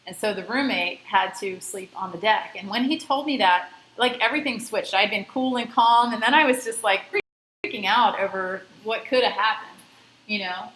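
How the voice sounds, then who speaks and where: A woman's voice: mid-range voice, moderate pace, fairly bright tone, echoey room, slight background noise, low-quality recording. A woman scuba instructor lecturing a class, telling a personal story in a conversational way and stressing safety. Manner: conversational, emphatic about safety.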